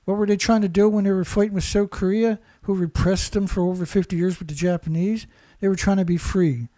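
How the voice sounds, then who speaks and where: Speaking a little fast, this male host has a high, dark voice with fairly even intonation. He delivers an angry, repetitive rant full of insults on his show.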